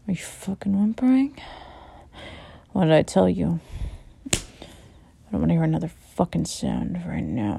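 A woman in a whispered role-play with a deep, gravelly rasp and a dark, mellow tone. She speaks very slowly and close to the mic, and her words often sink into a breathy whisper. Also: sing-song, slight background noise. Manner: close, intimate delivery, often sliding into a whisper. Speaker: audio role-play performer.

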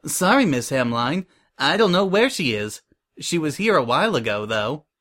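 A man's voice: fairly high pitch, sing-song, normal speed, a bit bright. A man doing a bossy, scoffing girl pony. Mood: sly. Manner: scoffing, demanding. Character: bossy rude young female pony designer.

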